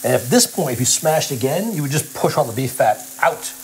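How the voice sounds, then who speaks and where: A man's voice: medium pitch, animated, brisk, slight background noise, poor audio. A middle-aged man hosting a casual cooking lesson, playfully coaching his son with encouraging exclamations. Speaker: burger expert host teaching his son. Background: background music and sizzling griddle.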